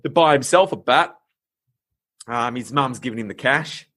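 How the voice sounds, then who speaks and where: At medium pitch and normal speed, the fairly bright voice belongs to an Australian podcast host. He tells a story in a laughing, chatty way with lots of fillers, in relaxed conversation.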